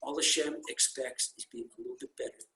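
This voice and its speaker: A rabbi teaching an informal Torah class on a video call, telling stories with animated, repeated emphasis and Hebrew terms mixed into his English. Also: fairly high pitch, fast talker. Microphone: computer mic on a video call. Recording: roomy echo on a video call.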